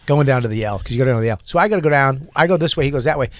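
A man in casual chat, telling a story with excitement, acting out shouted exchanges and laughing often. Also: medium pitch, racing. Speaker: podcast guest storyteller.

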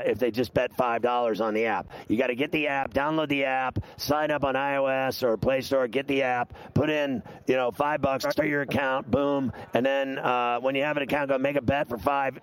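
Gravelly fast-talking sports radio host man. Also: mid-range voice, rough recording. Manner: loud, rapid-fire storytelling with put-on quotes. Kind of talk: rambling sports betting radio talk.

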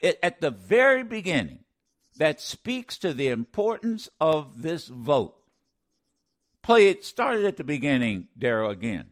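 A man's voice: fairly high pitch, very animated, unhurried. A man hosting a talk radio show, commenting with passion, often stammering and restarting, repeating lines for emphasis like a preacher.

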